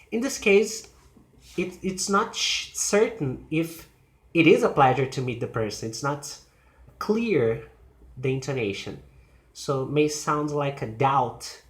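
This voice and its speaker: Male language teacher, slow and measured, lively pitch, roomy room sound. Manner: deliberate, with frequent pauses and fillers. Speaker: English pronunciation teacher. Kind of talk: slow explanatory lesson.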